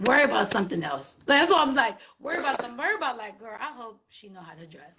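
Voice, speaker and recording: A woman hosting a casual live-stream chat, talking in an emphatic, profane, reassuring way with big swings in pitch. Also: big pitch swings, fast, few pauses, a crowd in the background. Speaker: host. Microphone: phone.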